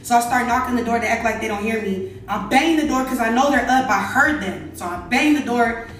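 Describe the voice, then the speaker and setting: A woman's voice: a little high, brisk, a bit bright, far from the mic, slight background noise. A young adult woman telling a casual story, chatty and exasperated, talking straight to her viewers. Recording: very echoey room, away from mic, faint music.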